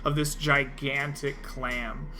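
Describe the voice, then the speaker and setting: A man narrating as game master for a tabletop game, unhurried and hesitant with fillers. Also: mid-range voice, flat delivery, over loud music.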